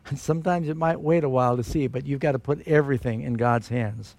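A man preaching a sermon, telling a Bible story in an animated way with strong rises for emphasis. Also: medium pitch, fast, dry recording.

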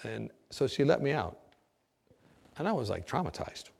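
A man telling a personal story in an animated way, acting out what people said and laughing at his own tale. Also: medium pitch, moderate pace, vocal fry, slightly rough. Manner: lively, acts out quoted voices, laughs at own story. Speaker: former nurse telling a story.

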